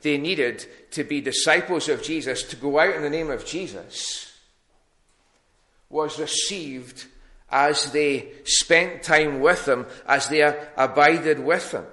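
A man's voice: a little high, takes it slowly, sharp tone. A man preaching a sermon in a plain teaching tone, with frequent ums and restarts.

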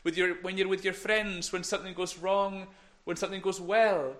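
A man with a high, light voice leads a children's talk in church. He is playful and encouraging, and at times sinks into a hush. He speaks into a microphone. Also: fairly even intonation, moderate pace. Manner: playful, encouraging, drops to whispers. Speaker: minister giving a children's talk.

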